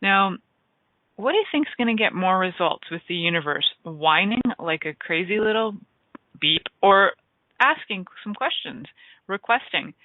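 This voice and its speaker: A woman's voice: mid-range voice, lively intonation, measured pace. A woman hosting a radio talk show, chatting in a rambling, enthusiastic way that often trails off and restarts. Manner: rambling, enthusiastic, self-interrupting. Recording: tinny phone-like line, dry.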